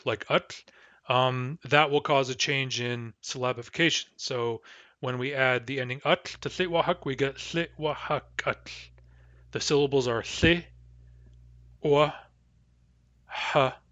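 Male language teacher, mid-pitched, careful sound-by-sound delivery, muffled lo-fi dry audio. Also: fairly bright tone, dry recording. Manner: slow, careful modelling of sounds with many fillers. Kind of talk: recorded pronunciation lesson. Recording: dull lo-fi dry recording.

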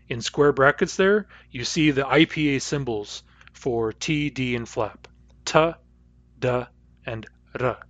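A man's voice: mid-range voice, a bit bright, no echo. Man, West Coast North American accent, patient lecturer, sounds out examples, dry muffled audio. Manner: patient, demonstrates sounds aloud. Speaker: linguistics lecturer. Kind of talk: recorded lecture. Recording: dull dry lecture recording.

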